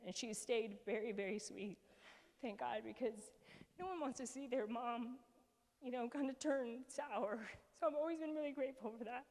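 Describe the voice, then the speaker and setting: A woman's voice: a little high, moderate pace, big-room sound. A woman in her forties giving a heartfelt personal talk with slides, earnest and emotional, with many fillers and restarts. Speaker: speaker presenting to a group.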